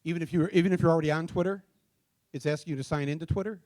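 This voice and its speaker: A middle-aged man hosting a live town hall in a theater, talking casually with many fillers and restarts, and spelling things out slowly. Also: a little high, a little mellow. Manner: spells out addresses slowly letter by letter. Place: theater stage before a live audience.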